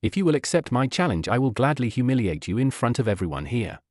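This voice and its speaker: A man's voice: mid-range voice, big pitch swings, quick pace, a little mellow, dry recording, clean studio sound. A man reading aloud as a haughty, arrogant teenage boy prodigy in a fan story. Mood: sneering. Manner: sneering, condescending.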